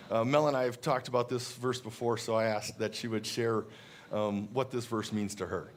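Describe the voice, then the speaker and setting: A man preaching a sermon in a church, earnest and reflective, slowing down to read scripture verses aloud. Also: mid-range voice, steady tone. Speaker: pastor.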